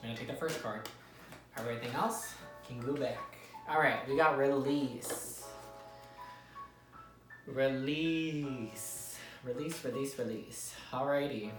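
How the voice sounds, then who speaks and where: A woman's voice: a bass voice, normal speed, over music. A woman giving a casual tarot reading to viewers, chatty and repetitive, often checking in with "okay?". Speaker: tarot reader. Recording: echoey room, mic at a distance.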